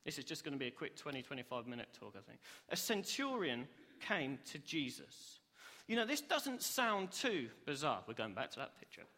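A man's voice: medium pitch, very animated, moderate pace, sharp tone. A young man preaching a sermon in a church hall, earnest and upbeat, acting out the reactions he describes. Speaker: preacher, cell group leader. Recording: long hall reverb.

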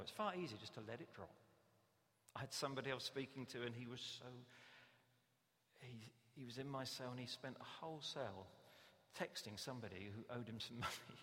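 A man preaching a sermon in a church, conversational and animated, often acting out the voices he quotes. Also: medium pitch. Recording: long reverb of a church hall.

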